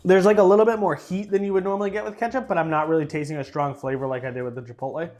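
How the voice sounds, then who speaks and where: Talking rapid-fire over faint music, a young man reviews sauces for a casual tasting vlog, his voice on the high side, steady, and a little mellow. He jokes, drifts into fillers, and playfully repeats and mispronounces words.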